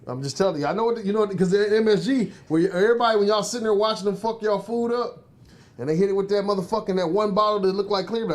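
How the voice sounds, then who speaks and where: A man's voice: high voice, quick pace. Emphatic man lecturing in casual chat. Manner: emphatic, preachy explaining. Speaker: podcast co-host.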